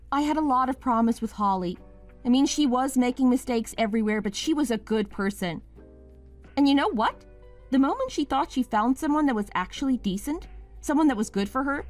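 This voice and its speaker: A woman voicing a wife named Mia in a scripted drama, pleading at first and then sharply accusing her husband. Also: high voice.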